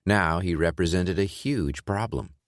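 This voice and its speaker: A man narrating an audiobook in a measured, even reading. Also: low voice, no echo, studio quality. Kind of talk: scripted narration.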